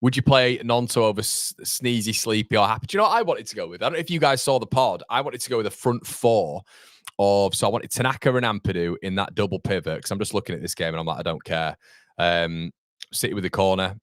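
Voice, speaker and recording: A man's voice: on the low side, fast talker, a bit bright, no echo, clean studio sound. A man, hosting a live football watchalong and chatting bluntly, with the odd swear word. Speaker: fan channel host. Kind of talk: live match watchalong commentary.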